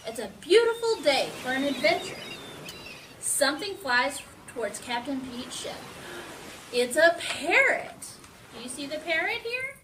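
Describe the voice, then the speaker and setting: A woman's voice: high-pitched, distant mic, slight background noise, low-quality recording. A woman reading a picture book aloud to children in a playful pirate persona, asking them questions as she goes. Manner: playful pirate-talk, animated with questions to kids. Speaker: children's storytime reader.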